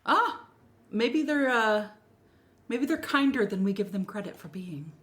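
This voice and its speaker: High, lively woman co-host, giggly. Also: unhurried. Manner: giggly, breaks into laughter. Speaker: podcast co-host. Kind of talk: casual chat.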